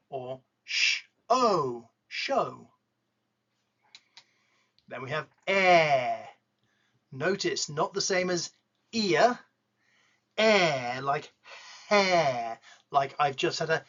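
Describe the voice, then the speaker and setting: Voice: medium pitch, lively intonation, takes it slowly, long pauses, a bit bright, lo-fi sound. An English pronunciation teacher with an English accent, giving a playful lesson and drawing out vowel sounds with jokes along the way. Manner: jokey, demonstrates sounds with exaggerated vowels.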